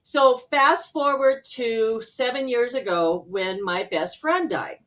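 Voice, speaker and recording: A middle-aged woman from Arizona, an interview guest and healer, telling personal stories in a casual, animated way with frequent laughter. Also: a little high, slow pace. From Arizona, USA.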